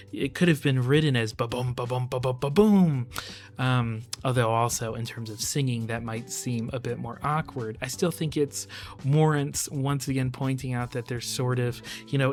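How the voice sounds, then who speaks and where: A man talking through song lyrics in a loose, conversational way, pausing often with fillers as he works out his points. His voice sits at an ordinary middle pitch, with faint music playing softly underneath. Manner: relaxed, hesitant with many fillers, thinking aloud. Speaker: lyric analysis channel host. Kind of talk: casual analytical commentary.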